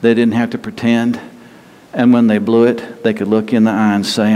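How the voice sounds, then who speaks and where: Folksy preacher in a reverberant hall. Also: male voice, lowish voice, level tone, moderate pace, dark tone. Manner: folksy, conversational preaching with acted-out quotes. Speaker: pastor. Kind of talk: sermon. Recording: long hall reverb, faint ambient noise.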